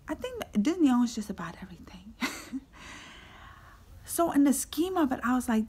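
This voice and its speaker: A woman vlogger telling a story with lively energy, swinging between excited shouts and whispered asides and acting out her own lines in quotes. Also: fairly high pitch, moderate pace, long pauses, slightly rough. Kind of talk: animated reaction storytelling.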